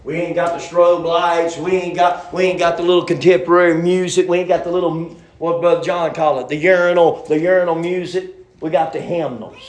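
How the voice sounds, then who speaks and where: A pastor preaches in a church, his voice slightly raised in pitch. He rambles and circles back in a folksy way. The church room echoes around him, with faint noise underneath. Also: steady tone, fairly quick, hardly any pauses, darkish tone. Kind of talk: sermon. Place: church sanctuary.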